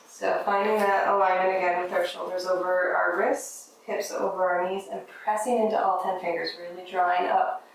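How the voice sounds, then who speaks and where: A woman teaching a yoga class, giving gentle, encouraging step-by-step cues for breath and movement. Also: medium pitch, vocal fry. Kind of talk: guided yoga class instruction. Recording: very echoey room, mic at a distance.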